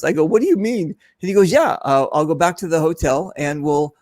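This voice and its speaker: A man hosting a casual chat, telling a lively story and acting out what others said. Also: on the high side, fairly quick, few pauses, no echo. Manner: animated storyteller, mimics others in his stories. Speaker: host. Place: event booth.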